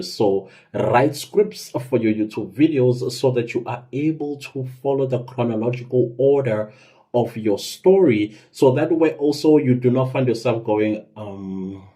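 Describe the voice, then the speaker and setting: A man talks through advice in a loose, conversational way, leaning on certain words for emphasis and now and then trailing off into fillers. His voice sits mid-pitch with a dark, mellow tone. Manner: conversational, lively emphasis, self-corrections and fillers. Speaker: podcast host giving tips. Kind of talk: casual instructional talk.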